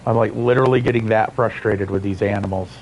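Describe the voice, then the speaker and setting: A man's voice: lowish voice, steady tone, quick pace, muffled recording, slight background noise. A man streaming a building game live, muttering his frustration at it and swearing often. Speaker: livestreamer. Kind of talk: live gameplay commentary.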